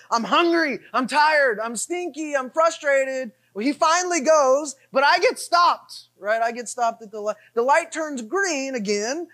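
A middle-aged man preaching, telling a self-deprecating story in an animated way with repeated refrains. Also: extremely high pitch. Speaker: pastor. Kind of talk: sermon storytelling.

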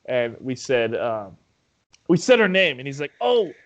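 A man in casual storytelling chat, animated, laughing often and acting out quotes with plenty of swearing. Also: medium pitch, normal speed, dull audio.

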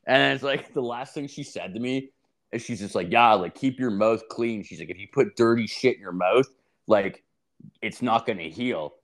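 Co-hosting a podcast, a man shares crude, profane stories over casual conversation, laughing and impersonating whoever he quotes. He speaks at a moderate pace in a mid-range, somewhat bright voice.

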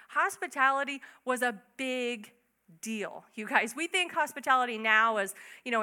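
A young woman giving a casual, chatty Bible teaching, acting out quick asides. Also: fairly high pitch, sharp tone. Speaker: bible study speaker.

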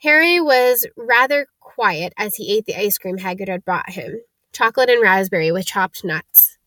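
A woman reading a storybook aloud as narrator, in a steady, unhurried storytelling way. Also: medium pitch, no echo.

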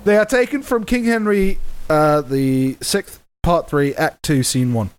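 A man's voice: a little high, measured pace, smooth. A man co-hosting a comedy podcast, reading from a book and chatting, often breaking into giggles. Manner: giggly, excitable reader. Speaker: podcast co-host. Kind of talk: casual comedic chat.

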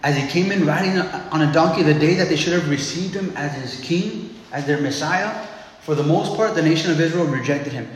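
A man's voice: fairly high pitch, fairly quick, a little hiss or hum. A man preaching a sermon in a loose, conversational way, often calling listeners "man" and restarting his phrases. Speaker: pastor. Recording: echoey hall.

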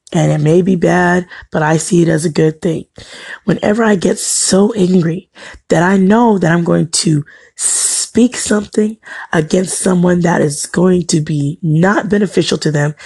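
Woman, faith-based motivational speaker: husky, gravelly, earnest and emphatic, dry close sound. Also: lowish voice, darkish tone, no room sound. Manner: earnest, preaching encouragement with emphatic repetition. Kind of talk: inspirational devotional talk.

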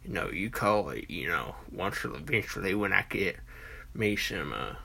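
With a low, creaky voice that still comes across bright and forceful, this forty-something Southern podcast host talks at normal speed in an animated way. He rambles casually through his monologue, packed with fillers, restarts and folksy country expressions.

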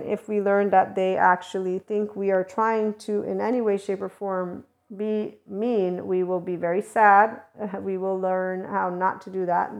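A woman giving a casual, rambling spiritual teaching monologue as a guidance channeler, talking conversationally with soft laughs. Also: medium pitch, creaky.

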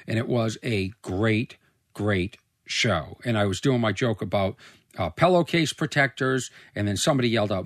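A man's voice: medium pitch, expressive, a little fast, fairly bright tone, no echo, studio quality. A man hosting his own podcast as a comedian, rambling loosely, swearing freely and mocking himself. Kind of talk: casual rambling monologue. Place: recording studio.

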